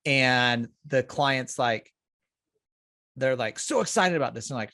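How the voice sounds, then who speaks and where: A man's voice: medium pitch, a little slow, long pauses, no echo. Emphatic male podcast host, dry sound. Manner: emphatic, acts out clients' excited questions. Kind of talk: casual podcast chat.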